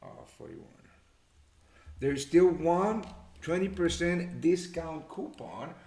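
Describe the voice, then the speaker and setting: Hosting a live trading show, this man chats casually and thinks aloud, muttering numbers and cursing occasionally. His voice is a little high, slow, creaky, and a bit mellow, yet very animated. The room sounds echoey.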